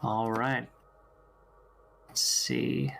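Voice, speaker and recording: A man running a tabletop game as dungeon master, narrating and calling rules in a relaxed, chatty way. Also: medium pitch, extremely slow, vocal fry.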